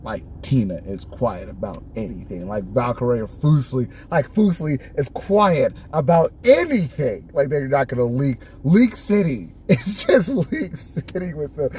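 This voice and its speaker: Animated high-voiced male streamer. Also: slight background noise. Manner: animated storytelling, laughing often, acting out quoted exchanges. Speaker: live streamer. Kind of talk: casual chat on a live stream.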